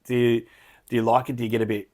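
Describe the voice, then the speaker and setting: A man's voice: medium pitch, flat delivery, racing, mellow. Blunt, swearing man. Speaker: podcast host. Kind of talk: casual chat.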